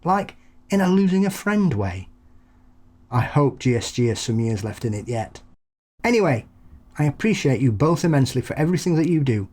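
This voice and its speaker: A man's voice: medium pitch, very animated, moderate pace, a little mellow. A man co-hosting a podcast in casual chat, telling anecdotes, laughing often. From England. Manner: chatty, laughs often, acts out voices in anecdotes. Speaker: podcast co-host.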